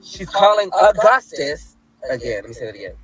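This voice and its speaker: A man's voice: on the high side, very animated, a little fast, fairly bright tone, soft background music, rough recording. A man filming himself outdoors in front of a building, talking to camera in a flamboyant, theatrical, mocking casual rant. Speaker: activist filming a street vlog.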